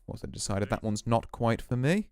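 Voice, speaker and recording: A VTuber streamer plays poker on stream, casually musing and explaining his hands as the game goes on. His medium-pitched voice is animated, clean, and darkish in tone at a moderate pace, with faint music behind him.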